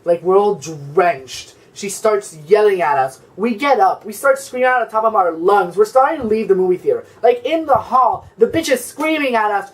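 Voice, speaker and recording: A man's voice: sits high, expressive, moderate pace, far from the mic, rough recording. Sassy, profane young man ranting. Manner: sassy, profane, rambling with constant "like". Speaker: vlogger. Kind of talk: story time vlog.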